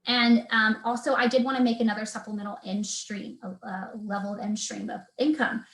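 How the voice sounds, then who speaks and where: A woman in her thirties talks as a guest on a video call, her voice sitting a little high. She sounds earnest and faith-filled, restarting her sentences and filling pauses with "um" and "like." The room around her is echoey. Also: little pitch movement, fairly bright tone. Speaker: guest, personal trainer. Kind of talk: casual video interview chat.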